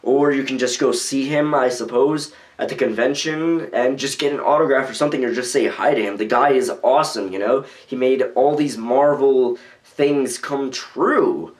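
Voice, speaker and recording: Casual vlog commentary comes from a young American man with a mid-range voice at normal speed. He rambles loosely, leaning on lots of fillers.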